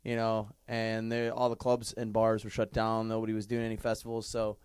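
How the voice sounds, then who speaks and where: A man's voice: lowish voice, monotone, brisk, a little mellow, clean tone, dry recording. A man hosting a music show from a garage studio, chatting casually, joking and teasing his guest. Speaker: show host. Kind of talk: casual interview chat.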